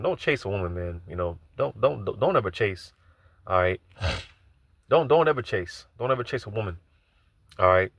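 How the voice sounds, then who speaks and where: A man's voice: medium pitch, fairly bright tone, dry recording. A man giving an informal live sermon, loose and conversational, repeating phrases and filling gaps with asides. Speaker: preacher.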